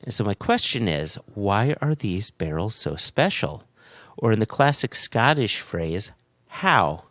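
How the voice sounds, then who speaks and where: A man's voice: on the low side, very animated, unhurried, a bit bright, no echo. A man co-hosting a podcast, chatting casually and reading listener emails aloud, often laughing as he goes. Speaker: podcast co-host.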